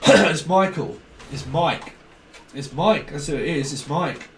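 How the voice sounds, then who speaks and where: A high-voiced man talks casually to camera as a tarot reader, rambling and swearing, laughing often and mimicking the people he describes. His voice sounds a little far from the mic in an echoey room with faint noise behind it. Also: slow pace.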